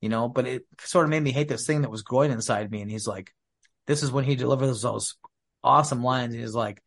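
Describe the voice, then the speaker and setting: A man's voice: medium pitch, fairly quick, creaky. Casual man recapping a movie. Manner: retells scenes quoting characters in his own voice. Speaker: podcast co-host.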